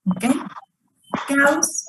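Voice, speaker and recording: A woman's voice: drawn-out words, bright, forceful tone, slight background noise. A woman teaching an online English grammar lesson over a video call, repeating each point and asking her students questions. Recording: roomy sound from far off the mic.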